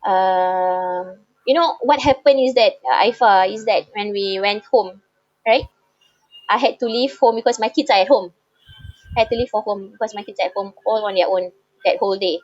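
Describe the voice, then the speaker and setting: A woman tells an emotional personal story, halting and heartfelt, with many repeated fillers. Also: mid-range voice, a little mellow, no echo. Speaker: bereaved daughter sharing a personal story. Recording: slightly dull, dry recording.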